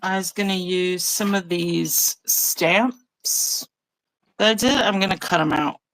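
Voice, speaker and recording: A woman hosting a casual live craft session over a video call, chatty and relaxed, laughing often. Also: lowish voice, slow pace, poor audio. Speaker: craft channel host. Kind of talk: casual live-stream chat while journaling. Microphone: phone or tablet mic over a video call.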